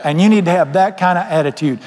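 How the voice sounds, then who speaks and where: A man's voice: high-pitched, fast talker, a little mellow. A man preaching a fiery sermon in a folksy, joking manner, often hollering. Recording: long hall reverb.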